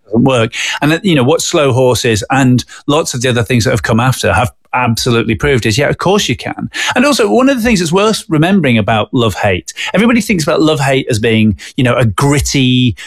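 A man's voice: mid-range voice, expressive, a little fast, hardly any pauses, no echo, clean studio sound. An English man, a TV writer-director, chatting as an interview guest, with many restarts and fillers. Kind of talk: casual interview chat.

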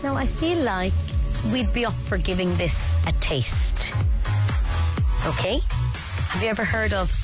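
A woman's voice: mid-range voice, animated, a little slow, long pauses, over loud music. An Irish woman co-hosting a radio show, chatting casually and teasing with a laugh. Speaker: radio co-host.

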